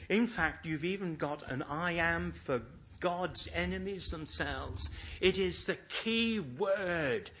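A man's voice: fairly high pitch, takes it slowly, fairly bright tone. A man preaching a sermon in an earnest way, leaning hard on the scripture lines he quotes. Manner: earnest, emphatic when quoting scripture. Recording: dull lo-fi recording.

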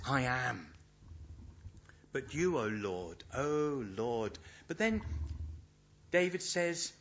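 A man with a mid-range, bright, forceful voice preaches a sermon earnestly, leaning hard on the scripture lines he quotes. The recording is dull and lo-fi.

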